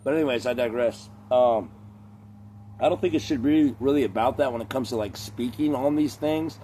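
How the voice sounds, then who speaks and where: A man's voice: mid-range voice, moderate pace, warm tone, a little hiss or hum. Man ranting profanely over a few beers. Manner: profane, rambling, digressive. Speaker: vlogger. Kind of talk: casual rambling rant.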